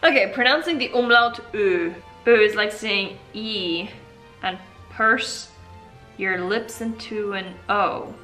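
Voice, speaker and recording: A woman's voice: medium pitch, slow pace, sharp tone, soft background music. A woman casually vlogging about vowel sounds, joking, interrupting herself and sounding vowels out over and over. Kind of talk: casual language vlog.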